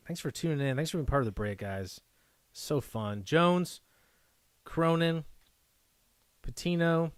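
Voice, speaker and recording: A man's voice: fairly high pitch, slow pace, pauses often, dry recording, clean studio sound. A man hosting a live card break, chatty and rambling, who gasps and whoops when a good card comes up. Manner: excitable, gasping and whooping at pulls.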